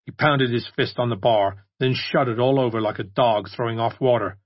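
Husky male audiobook narrator. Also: mid-range voice, normal speed, dry recording. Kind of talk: scripted narration. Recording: dry, dull lo-fi recording.

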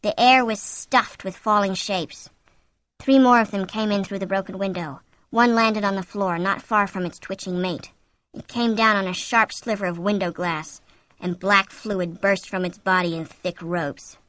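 A woman narrating a story aloud in steady scripted narration, slowing down at tense moments. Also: mid-range voice, dry recording. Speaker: audiobook narrator.

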